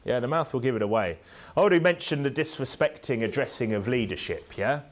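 A man preaching a sermon, rising to emphatic peaks and dropping low on tag questions. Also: lively intonation, quick pace.

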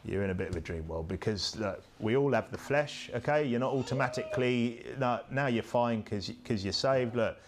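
A man's voice: mid-range voice, moderate pace, few pauses, background noise. A man preaching a sermon, punchy and rhetorical, who keeps checking in with the congregation through tag questions.

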